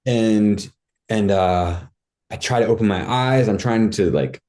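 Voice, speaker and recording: As a guest on a podcast, a man shares a personal story in an unhurried, relaxed voice that is fairly low and warm. Peppering his talk with "like" and "dude," he tells it casually and vividly, even acting out his own cries.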